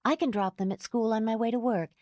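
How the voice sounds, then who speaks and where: A woman voicing an exhausted, gentle young mother who speaks in a calm, earnest way. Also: fairly high pitch, fast, no room sound, studio quality, pitched above the performer's own voice, lightly acted. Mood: hurried.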